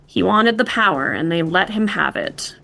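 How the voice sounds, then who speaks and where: Bright-voiced female true-crime host. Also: mid-range voice, animated, moderate pace, gravelly. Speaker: podcast host.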